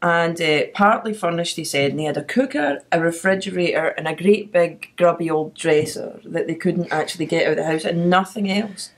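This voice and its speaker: A woman's voice: on the low side, a little fast, hardly any pauses. A middle-aged Scottish woman hosting a podcast, chatting and telling anecdotes with frequent laughter. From Scotland. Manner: chatty storyteller, laughs often. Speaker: podcast host. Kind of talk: casual chat.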